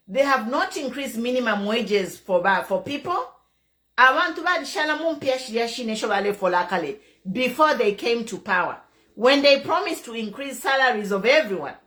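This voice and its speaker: A woman's voice: fairly high pitch, fairly bright tone. A middle-aged Zambian woman giving impassioned political commentary, emphatic and repeating her key points. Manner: emphatic, repeats key phrases, mixes in local language. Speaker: online commentator.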